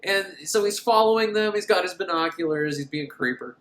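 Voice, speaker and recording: A man talking through a horror movie with crude, sarcastic jokes, his pitch swinging up and down a lot. He laughs at his own lines, and the voice has a roomy echo. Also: lively intonation, brisk, fairly bright tone. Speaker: film reviewer. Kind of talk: casual comedic movie recap.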